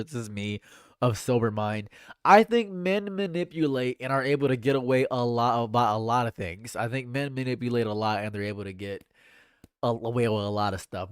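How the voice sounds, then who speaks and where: A man chatting casually on a livestream, animated and laughing often, swinging between loud high bursts and low mutters. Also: smooth, no room sound, studio quality. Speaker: livestream streamer.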